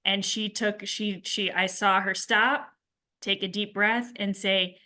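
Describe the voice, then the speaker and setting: A woman's voice: mid-range voice, steady tone, slow, sharp tone. A middle-aged woman from a school speaking conversationally to parents at a workshop, with many fillers and restarts. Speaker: school staff member.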